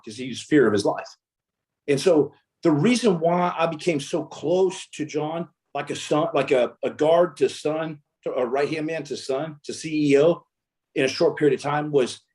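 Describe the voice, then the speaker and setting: Ex-SEAL guest, male, slightly high voice, animated, acts out quoted lines. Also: moderate pace. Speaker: interview guest, former Navy SEAL. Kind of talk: casual storytelling interview.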